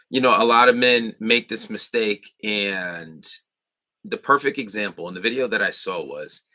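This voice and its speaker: A young man hosting a podcast, talking bluntly in a casual monologue and full of profanity, mimicking people in high voices. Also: bright, forceful tone. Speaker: podcast host.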